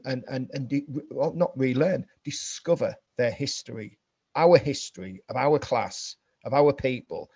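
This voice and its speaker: A man's voice: a little high, warm tone, no echo. A man talks with passion as a guest on a political panel. He swings into indignant outbursts. The audio is dull and lo-fi, with a dry, close sound. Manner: impassioned, rising to indignant outbursts.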